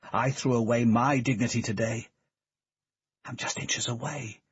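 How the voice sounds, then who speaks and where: Guy doing a hard-bitten ex-soldier in his 30s, brooding, blunt, husky, dry dull audiobook sound. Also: mid-range voice, steady tone, a little slow, no echo. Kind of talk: audiobook character voice. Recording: dull, dry studio recording.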